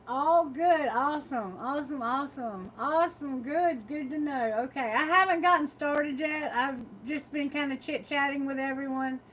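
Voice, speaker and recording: Southern american woman, tarot reader, high voice, unhurried chatty delivery, faint background noise, phone mic. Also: low-quality recording. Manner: chatty, laughs often, greets viewers warmly. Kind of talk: live-stream chat with viewers.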